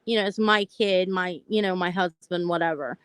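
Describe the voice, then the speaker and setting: A woman's voice: on the low side, fairly even intonation, moderate pace, a bit bright, smooth, no echo. Woman telling her story live. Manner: open, talkative, addresses viewers directly. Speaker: host of a live stream about mental health. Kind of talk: personal storytelling, casual chat.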